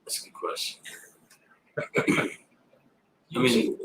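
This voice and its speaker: A man guest at a comic shop signing, telling stories in a relaxed, rambling way with fillers. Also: takes it slowly. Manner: relaxed storytelling with filler words and restarts. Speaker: actor and guest. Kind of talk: casual interview chat. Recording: roomy, with faint background noise.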